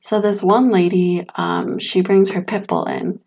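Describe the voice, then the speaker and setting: A woman's voice: on the low side, fairly even intonation, measured pace, gravelly, a little mellow, slightly rough. Chatty young woman telling stories. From another country. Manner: chatty, storytelling, lots of fillers. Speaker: podcast co-host. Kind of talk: casual chat.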